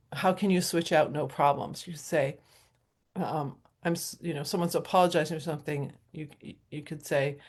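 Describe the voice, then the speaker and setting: Brief: middle-aged woman, slightly low voice, relaxed reflective chat, easy laughs. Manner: chatty, thoughtful, frequent fillers and little laughs. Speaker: speaker sharing self-help reflections. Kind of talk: casual reflective talk.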